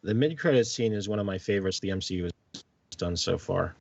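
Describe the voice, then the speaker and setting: A man's voice: sits low, expressive, fairly quick, creaky, dull audio, slight background noise. A man co-hosting a movie podcast, giving an enthusiastic, easygoing review. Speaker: podcast co-host.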